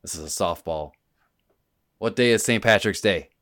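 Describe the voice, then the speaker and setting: A man's voice: low-pitched, moderate pace, fairly bright tone. A man hosting a podcast in casual chat, running a quiz with playful banter.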